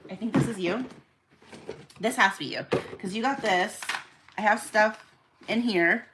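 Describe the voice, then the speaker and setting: A woman's voice: medium pitch, a little slow, noisy background. A young woman chatting to viewers on a live stream while packing orders at home, talking freely as she works. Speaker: small shop owner packing orders. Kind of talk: casual live-stream chat.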